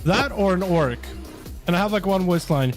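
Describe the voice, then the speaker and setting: A young male gaming streamer with a high voice, talking loosely and swearing freely as he greets his chat. His talk is casual and rambling. Soft music sits quietly behind him. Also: expressive, moderate pace. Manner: loose, profane and chatty with viewers. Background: faint music.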